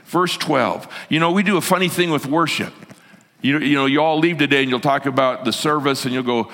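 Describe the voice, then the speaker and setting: A male pastor preaching a sermon in an animated way, swinging from loud to hushed, heard in a reverberant church hall. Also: mid-range voice, brisk.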